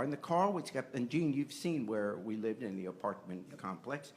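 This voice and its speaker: A man's voice: mid-range voice, moderate pace, a little hiss or hum. An older man, a podcast host, telling a personal family story and growing impassioned as he argues his point. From United States. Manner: earnest, rising to impassioned.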